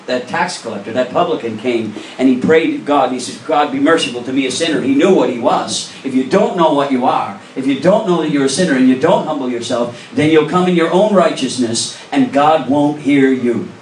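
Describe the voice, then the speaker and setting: This male pastor speaks at medium pitch and normal speed, with lively intonation and a slightly mellow quality. Earnest and emphatic, he fires direct questions at the congregation during his sermon. The church sanctuary echoes around him, his voice comes from a distance, and there is slight background noise.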